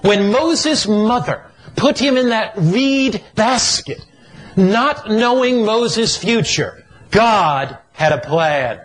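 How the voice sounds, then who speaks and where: A man's voice: high-pitched, animated, slow, fairly bright tone, rough recording. A man preaching a sermon in an emphatic, repetitive cadence.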